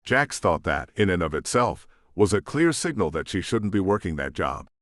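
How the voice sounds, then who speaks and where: A male audiobook narrator with a fairly low voice, reading in measured storytelling with lively shifts of pitch. The recording is dry and close. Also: dry recording. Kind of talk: scripted narration.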